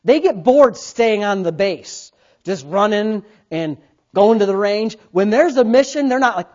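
New pastor preaching, gets loud then drops quiet, kinda muffled lo-fi audio. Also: male voice, high voice, unhurried. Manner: animated preaching, swings between loud and quiet. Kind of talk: sermon. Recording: dull lo-fi sound.

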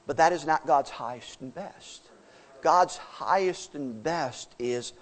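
A man's voice: fairly high pitch, normal speed. A man preaching a sermon as pastor, emphatic and folksy, asking his listeners questions.

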